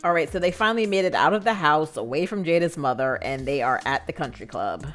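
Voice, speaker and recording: Casting: low-pitched woman, chatty gameplay narrator, lots of fillers, faint music under her. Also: expressive, fast talker, a bit bright. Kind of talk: casual gameplay commentary.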